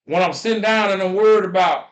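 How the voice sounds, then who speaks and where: A man's voice: high voice, quick pace. A man hosting a podcast who tells emotional stories in a preachy way, repeating phrases and swearing freely. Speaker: podcast host. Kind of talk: emotional storytelling chat. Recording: roomy echo.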